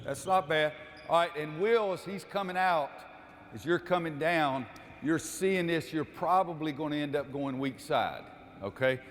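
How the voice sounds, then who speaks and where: A man's voice: a little high, lively intonation, normal speed, slight background noise. A man running a basketball coaching clinic, calling out cues during drills and explaining the defense to the audience. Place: gym. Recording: echoey gym with long reverb.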